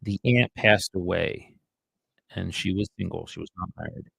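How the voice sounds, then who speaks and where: A man with a low, gravelly voice talks his viewers through his phone calls on a live stream. He is chatty and offhand and often mutters asides under his breath. The sound is dry and close, with no room around it. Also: steady tone, normal speed, fairly bright tone, no echo. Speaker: real estate agent. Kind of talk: live-streamed cold calling with commentary.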